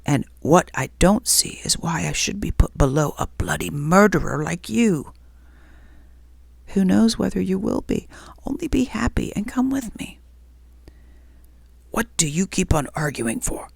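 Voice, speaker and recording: Brief: a woman playing a resentful big male ghost, whispered role-play, gravelly and grumbling, close dry mic. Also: on the low side, lively intonation, unhurried, pauses often, no echo, exaggerated voice. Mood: aggrieved. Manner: grumbling, self-righteous complaining.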